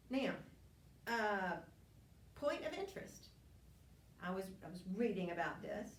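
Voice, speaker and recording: A woman teaches a Bible class at an unhurried pace, retelling scripture earnestly and restarting her sentences as she goes. She sounds distant from the mic in a roomy space with a faint hum of ambience. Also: medium pitch, very animated. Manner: earnest storytelling with frequent restarts and asides. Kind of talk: Bible lesson, reading and explaining scripture. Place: church classroom.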